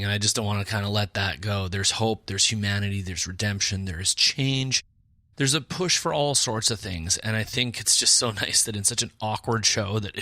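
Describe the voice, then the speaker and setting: A man co-hosting a podcast, talking in a relaxed, easygoing and reflective way. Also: mid-range voice, no echo, clean studio sound. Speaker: podcast co-host. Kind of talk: casual podcast chat.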